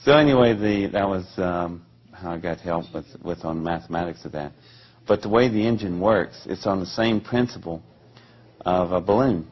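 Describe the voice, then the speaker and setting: Deep, husky man telling a story. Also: moderate pace, muffled recording. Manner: animated, acts out quoted voices. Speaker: interview guest. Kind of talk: storytelling in an interview.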